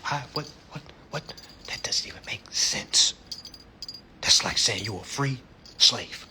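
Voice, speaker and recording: A man hosting a casual livestream chat, animated and profane, laughing often and peppering his talk with slang. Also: medium pitch, slow pace, in a whisper. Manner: slangy, repeats "you know what I'm saying". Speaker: livestream host.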